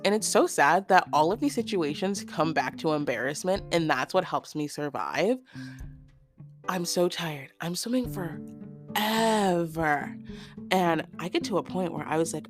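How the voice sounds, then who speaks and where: A young woman with a fairly low voice hosts her own podcast, spinning a comic story in an exasperated, animated way. Her pitch leaps up when she gets worked up. Faint music plays underneath. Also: a little slow. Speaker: podcast host. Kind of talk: comedic storytelling monologue.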